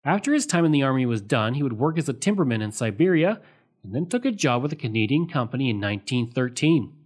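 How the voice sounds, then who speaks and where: A man with a middle-pitched voice narrates a history episode from a script. His reading is steady and measured, and he marks each quoted source aloud with "quote" and "end quote". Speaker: history podcast host.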